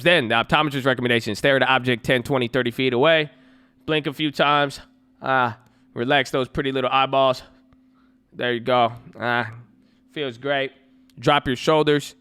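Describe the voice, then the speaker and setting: A man's voice: mid-range voice, a bit bright, smooth, no echo. A man hosting a casual livestream, hyped and slangy, coaching viewers through stretches and calling them baby. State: sore throat. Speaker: livestream trading host.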